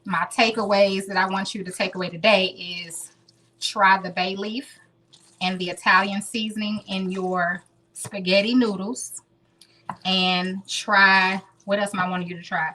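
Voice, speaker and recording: A woman's voice: medium pitch, steady tone, unhurried, sharp tone. A woman in her thirties hosting a casual live cooking stream from her home kitchen, chatting straight to her viewers. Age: 30s. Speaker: home cooking show host.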